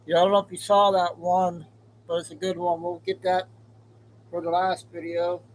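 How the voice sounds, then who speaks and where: A man's voice: high voice, level tone, normal speed, slight background noise, rough recording. A man hosting a show, running through the lineup in an offhand, chatty way. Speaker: show host. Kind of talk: casual show rundown.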